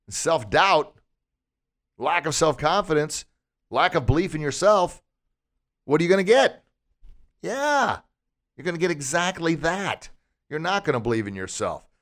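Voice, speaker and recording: On the high side, this man's voice drives an energetic motivational talk on his podcast. Speaking as a martial arts instructor, he fires lots of rhetorical questions at his listeners.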